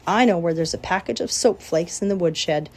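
A woman voicing a sly, grumbling male rat, speaking louder and higher than her own voice. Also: moderate pace, natural voice. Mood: grumpy. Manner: grumbling, loud and raised.

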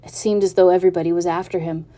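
Mellow-voiced woman reading a storybook. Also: fairly low pitch, flat delivery, very fast. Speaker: narrator.

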